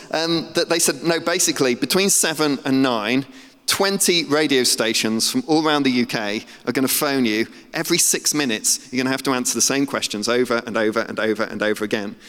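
A man's voice: mid-range voice, fairly bright tone. Man speaker, chatty storyteller, self-deprecating humor, live talk in a big echoing hall. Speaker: speaker giving a church talk. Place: large hall. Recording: long hall reverb.

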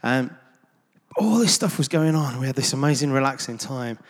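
A man's voice: medium pitch, lively intonation, normal speed. A man tells anecdotes to a gathered audience in a loose, conversational way, full of ums and self-deprecating asides. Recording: long reverb of a large hall.

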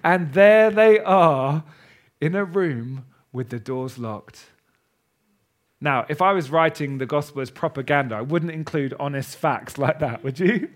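A man preaching a sermon to a congregation in a church. He talks with passion, swinging between loud declarations and hushed asides. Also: on the high side, lively intonation, slow pace.

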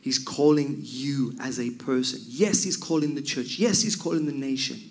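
A man preaching a sermon, swinging from loud cries down to near whispers. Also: mid-range voice, normal speed.

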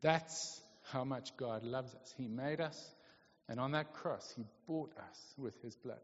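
A man's voice: mid-range voice, unhurried. A man preaching a sermon in a conversational way, often checking in with his listeners. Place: church hall. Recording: lo-fi, echoey hall.

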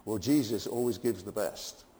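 An older man preaching a sermon, swinging between emphatic peaks and quiet asides. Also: lowish voice, normal speed, long reverb tail, a little hiss or hum.

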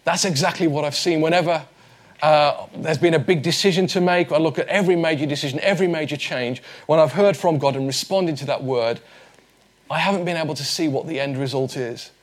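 Brief: male pastor in his forties, slightly high voice, earnest and conversational sermon delivery with a touch of humor. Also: a little fast. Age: 40s.

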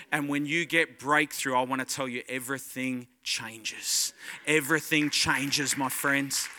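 A man preaches a sermon in a high, very bright and forceful voice. He tells his story with animated energy and acts out his own panic and delight as he goes. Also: smooth. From Australia. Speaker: guest pastor.

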